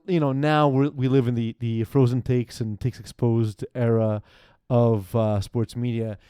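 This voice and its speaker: Male podcast host, young, mellow tone, rambling and self-mocking, dry close mic. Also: medium pitch, smooth, no echo. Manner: rambling, self-deprecating, quick asides. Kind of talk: casual sports podcast chat.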